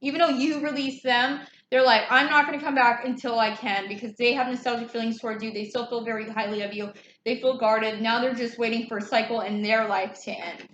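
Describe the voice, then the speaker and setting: A woman's voice: on the high side, fairly even intonation, a little fast, fairly bright tone, lo-fi sound. A woman reading tarot in a casual, chatty way, loose and swearing freely. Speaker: tarot reader. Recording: echoey room, faint background noise.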